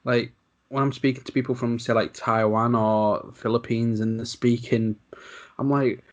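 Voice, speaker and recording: Male host of a casual interview, relaxed and rambling. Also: mid-range voice, moderate pace, muffled recording. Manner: relaxed, asks long rambling questions. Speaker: podcast host.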